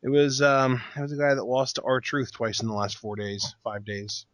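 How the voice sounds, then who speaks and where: A man co-hosting a wrestling podcast, talking in quick excited bursts. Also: medium pitch, no echo. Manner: excitable, talks in bursts with restarts. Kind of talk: casual recap chat.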